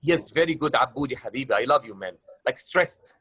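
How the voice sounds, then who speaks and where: A man's voice: medium pitch, animated, a little fast, a bit bright, slightly rough, no room sound. A male teacher leading an online class discussion, who keeps rephrasing his questions with plenty of filler uhs and calls his students love. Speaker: English teacher.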